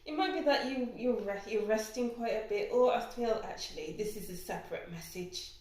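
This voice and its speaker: In a very echoey room, a young woman gives a pick-a-card tarot reading, often exclaiming and becoming emotional. Her voice is on the high side and a little mellow, at normal speed.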